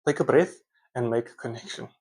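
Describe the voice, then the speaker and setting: A man voicing a fatherly cartoon fire-creature shopkeeper who gives calm advice. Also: medium pitch, fairly quick, breathy edge. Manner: calm, advising.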